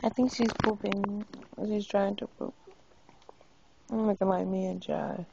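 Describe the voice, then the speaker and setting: A woman coaxing a baby to say words, repeating them slowly in a home video. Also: medium pitch, fairly even intonation, vocal fry, dull audio, background noise. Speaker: parent teaching a baby words.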